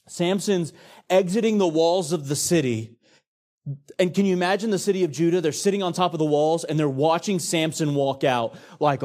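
Preacher, male, high voice, dramatic storyteller from the pulpit. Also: a little mellow. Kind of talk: sermon.

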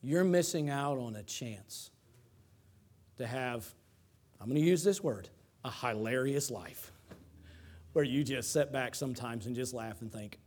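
A man with a Texan accent preaching a sermon, swinging between loud climaxes and soft asides. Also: medium pitch, measured pace, long pauses. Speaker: pastor.

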